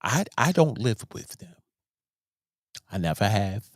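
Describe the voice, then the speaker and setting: A deep-voiced man talks slowly, his pitch rising and falling a lot as he comments. He keeps repeating and restarting words while he makes his points with emphasis. The sound is dry and close, with no room echo. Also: very animated. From Baltimore, USA. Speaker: host. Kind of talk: casual commentary.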